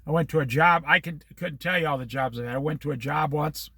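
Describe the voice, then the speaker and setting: A man's voice: fairly high pitch, fast talker, pushed and bright, breathy edge, no echo. A middle-aged man in casual talk, rambling from story to story with religious asides. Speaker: vlogger.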